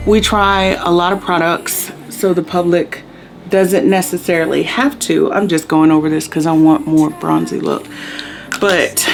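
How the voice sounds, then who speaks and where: A woman doing a casual makeup chit-chat video, talking in a chatty, relaxed way with slangy asides. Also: fairly low pitch. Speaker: beauty vlogger.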